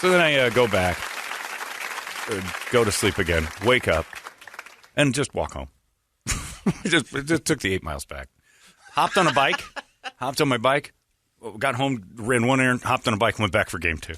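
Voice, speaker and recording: A man's voice: medium pitch, big pitch swings, moderate pace, long pauses, bright, forceful tone, dry recording, clean studio sound, a faint crowd. A man hosting a radio show, telling a rambling, joking anecdote in a blunt, casual way. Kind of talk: casual talk-radio storytelling.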